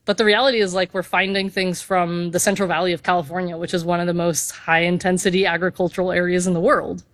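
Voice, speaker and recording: A woman's voice: lowish voice, flat delivery, fast talker, dry recording. A woman scientist, a guest on a radio interview, speaking casually and eagerly. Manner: casual, eager, uses "like" often.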